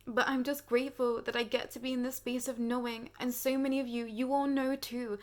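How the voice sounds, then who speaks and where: A woman's voice: fairly high pitch, little pitch movement. Tearful woman sharing a spiritual awakening. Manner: tearful, earnest, slow heartfelt pauses. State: close to crying. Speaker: spiritual channel host. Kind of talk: emotional spiritual monologue.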